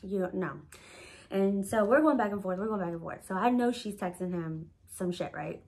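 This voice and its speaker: A woman recounting a personal story straight to camera for her viewers. She talks in a loose, lively way, cursing often and leaning on "like" between phrases. Her voice sits at an ordinary middle pitch for a woman. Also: a little fast. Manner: animated, profane, heavy use of "like". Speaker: storytime vlogger. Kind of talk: casual storytime.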